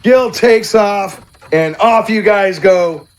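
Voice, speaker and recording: A man running a tabletop game as game master, narrating the scene in a steady, matter-of-fact way. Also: high voice, slow, a little hiss or hum.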